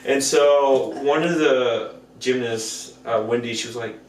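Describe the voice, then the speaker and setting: This co-host of a podcast shares stories in a relaxed yet animated manner, doing impressions of the people he quotes. His medium-pitched voice is unhurried. The recording is echoey, with a distant mic and faint noise.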